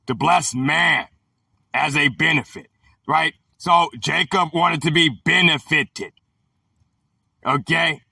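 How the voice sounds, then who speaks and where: A man reading dictionary entries on scripture words and explaining them in loud, slangy bursts. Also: fairly high pitch, vocal fry, dry recording, distant mic. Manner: reads definitions slowly, then riffs in loud slangy bursts. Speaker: scripture teacher. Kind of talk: bible word-study talk, reading then explaining.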